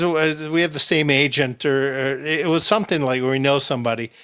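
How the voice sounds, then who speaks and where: A man spins a rambling anecdote for his friends, slipping into the voices of the people in it. His voice is bright and forceful and sits a little high. He laughs as he goes. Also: a little fast, clear, resonant tone. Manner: animated storyteller, acts out quotes, laughs often. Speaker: podcast host. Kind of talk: casual storytelling chat.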